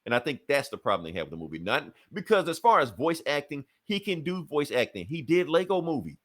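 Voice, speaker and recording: A man's voice: on the high side, big pitch swings, quick pace. A man co-hosting a podcast in casual chat, swearing and laughing often. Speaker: podcast co-host.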